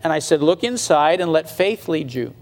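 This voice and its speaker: A man preaching a sermon in a conversational way, slowing down to stress his points and rising in pitch when he gets emphatic. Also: lively intonation, a little mellow, long reverb tail. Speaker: pastor.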